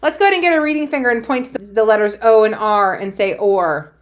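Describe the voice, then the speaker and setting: A woman's voice: fairly high pitch, fast talker. A woman teacher giving a cheerful phonics lesson to young children, sounding out letters and praising them.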